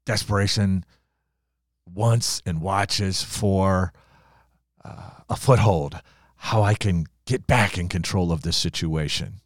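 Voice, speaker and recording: An older male pastor preaching with a very low voice. He delivers his sermon earnestly, leaning on pauses and slowing down for weight. The sound is dry and close. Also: no echo. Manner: earnest preaching with dramatic pauses and slowed emphasis.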